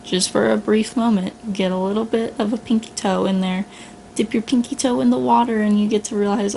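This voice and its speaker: Blunt, gravelly-voiced woman giving a pep talk. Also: mid-range voice, steady tone, brisk, mellow, a little hiss or hum, rough recording. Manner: blunt, earnest, casual, addresses listener as "you". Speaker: vlogger. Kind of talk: motivational self-talk monologue.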